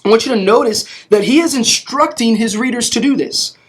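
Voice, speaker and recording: High-voiced young man preaching casually. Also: a little fast, slightly rough. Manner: conversational, many restarts, asks "right?". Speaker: youth preacher. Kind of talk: casual sermon.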